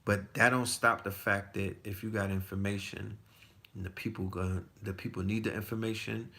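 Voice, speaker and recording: Forties guy, low gravelly voice, bright edge, rambling and cussing with lots of restarts. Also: flat delivery, normal speed. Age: 40s. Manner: loose, profane storytelling with many restarts. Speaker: podcast guest. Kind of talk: casual chat. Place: Texas.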